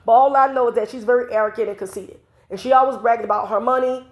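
A woman's voice: a little high, steady tone, fast. A woman, scolding and piling on asides. Her voice bounces around an echoey room. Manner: blunt, profane, scolding, repetitive asides. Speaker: commentary vlogger. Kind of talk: ranting opinion vlog.

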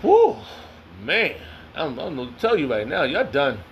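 A man's voice: medium pitch, very animated, fast talker, highs cut off, a little hiss or hum. A man reading scripture aloud and commenting on it in a heated, confrontational, slangy way. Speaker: self-styled preacher.

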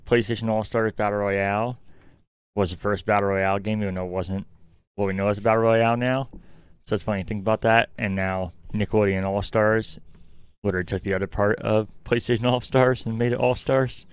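A man co-hosting a casual gaming podcast, talking in an excitable, chatty way with lots of "like" fillers. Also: lowish voice, fairly quick, smooth, dry recording. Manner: chatty, excitable gamer talk with frequent "like" fillers. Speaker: podcast co-host. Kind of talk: casual chat.

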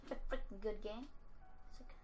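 A woman's voice: medium pitch, brisk, a little mellow, poor audio. A woman giving let's-play commentary on a horror game, jumpy and talking to the characters on screen. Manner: jumpy, talks to game characters, frequent yelps and nervous laughs. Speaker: gamer playing a horror game. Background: game music.

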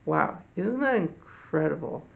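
Slow gravelly kids' church host. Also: male voice, a little high, expressive. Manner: slow, gentle storytelling addressed to kids. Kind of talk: children's Bible lesson. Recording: tinny phone-like audio.

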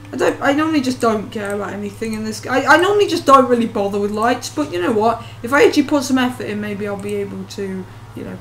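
A woman's voice: mid-range voice, slight background noise. A woman with a rambling, self-mocking, jokey manner, giving casual commentary while playing a life-sim game. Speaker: let's play host. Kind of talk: gameplay commentary.

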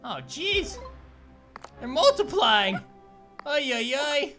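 A performer voicing an upbeat, goofy male cartoon grape who hosts a let's play with excitable, punning commentary and yelps. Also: high voice, slow, heavily acted. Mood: goofy excited. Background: background game music.

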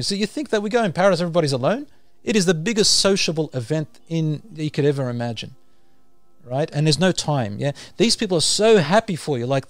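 A male preacher giving a sermon, telling vivid stories with animated rhetorical questions. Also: medium pitch, no echo. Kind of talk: sermon storytelling.

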